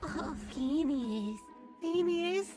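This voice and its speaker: A woman's voice: high voice, lively intonation, very slow, music in the background, full character voice. A woman doing a swooning airheaded young woman. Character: silly smitten young woman activist, airheaded. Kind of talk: comedy sketch.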